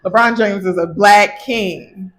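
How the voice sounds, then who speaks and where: A woman's voice: mid-range voice, takes it slowly. A woman born in Haiti and raised in Virginia, co-hosting a podcast in casual chat. She speaks in a blunt, opinionated and sassy way. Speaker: podcast co-host.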